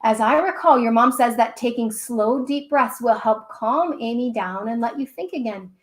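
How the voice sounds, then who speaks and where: Woman reads as gentle caring storybook lady, high voice, patient explaining. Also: normal speed, close to an everyday voice.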